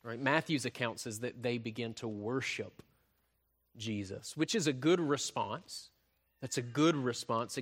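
A man preaching a sermon, often tagging points with "right?" and swinging from loud emphasis to soft, quiet delivery. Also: medium pitch. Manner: frequent tag questions "right?", swells louder then drops soft. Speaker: pastor.

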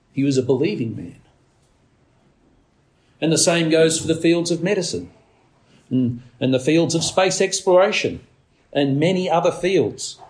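A man preaching a sermon in an earnest tone, who now and then mimics a demanding baby. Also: a little mellow. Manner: earnest preaching, acts out a baby's demands in a shrill voice. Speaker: pastor.

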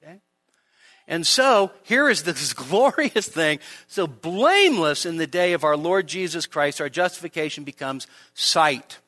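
A male pastor preaching a sermon in a church, animated, with humor and rhetorical questions. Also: fairly high pitch, measured pace, no room sound.

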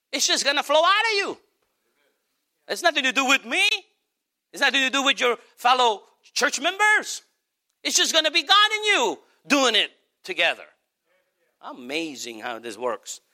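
Bright, animated preaching man. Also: extremely high pitch, normal speed, pauses often. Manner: animated, emphatic preaching with sudden shouts and soft asides. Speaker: pastor. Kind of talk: sermon.

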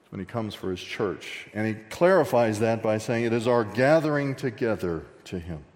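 A man preaching a verse-by-verse sermon in a church sanctuary, his voice carrying a long hall reverb. He talks with the congregation more than at them, with jokes and quick asides. Loud, emphatic stretches alternate with softer, quieter ones. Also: fairly low pitch, lively intonation. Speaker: pastor. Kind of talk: expository sermon.

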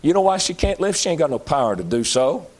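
A man preaching a sermon, moving between loud high-pitched calls and low pleading appeals. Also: big pitch swings, quick pace.

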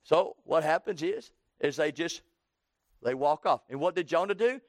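A man in his sixties preaching a sermon, slowing down for emphasis and breaking into loud acted quotes. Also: fairly high pitch, expressive, no echo.

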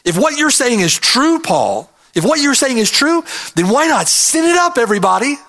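A sarcastic, mocking legalist voiced by a man in the middle of a sermon. His voice jumps noticeably higher and louder than the preacher's own. He taunts in a lively, sing-song way. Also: moderate pace, exaggerated voice. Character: sarcastic male legalist challenging Paul.

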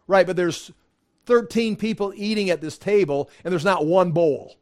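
A man teaching a Bible study class in a relaxed, conversational way, often restarting his sentences and acting out quotes. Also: high voice, moderate pace.

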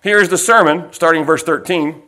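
A man with a high voice preaching a folksy sermon. He wanders into personal stories and slows his delivery down to drive each point home. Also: pushed and bright. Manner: folksy, digressive, with personal anecdotes.

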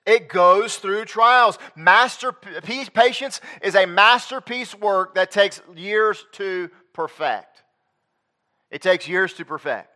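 A man delivers a sermon in a high, bright, ringing voice. He rises to loud, emphatic peaks, then drops to quiet, low asides. Between them he reads scripture aloud in old-fashioned wording. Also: slow. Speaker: preacher.

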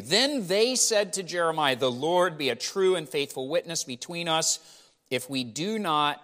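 A man preaching a sermon as pastor, retelling a scripture story with animated voicing of the people in it. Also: on the high side, a little slow. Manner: animated, rising loud when voicing the people. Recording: hall reverb.

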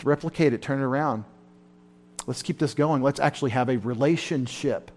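Male pastor, sermon delivery, fervent and emotional, surges loud then drops low. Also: normal speed. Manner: fervent, emotional preaching with sudden loud rises. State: tired. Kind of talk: sermon at a Bible study.

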